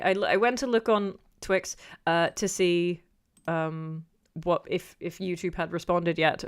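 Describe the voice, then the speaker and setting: Woman streamer, slightly low pitch, loose digressive chat, dry self-mockery. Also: smooth. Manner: chatty, digressive, self-deprecating. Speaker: YouTuber reading live chat. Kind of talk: casual livestream chat.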